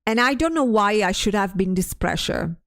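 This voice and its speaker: A woman's voice: medium pitch, expressive, normal speed, a bit bright. A stressed woman streamer in casual livestream chat, ranting, swearing often and restarting her sentences as she reads chat aloud.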